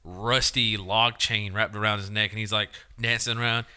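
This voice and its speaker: A man's voice: on the low side, little pitch movement, normal speed, sharp tone, clear, resonant tone. A young man co-hosting a podcast, talking bluntly and swearing a lot while telling stories with casual laughter. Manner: profane, blunt, laughing storyteller. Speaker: podcast co-host. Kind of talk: crude casual podcast banter.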